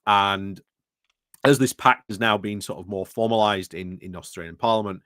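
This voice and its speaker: Regular guest, man, fairly low voice, dry close sound, chatty explainer of news. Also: normal speed, fairly bright tone, dry recording. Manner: explains at length, with fillers and restarts. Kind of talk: casual news chat.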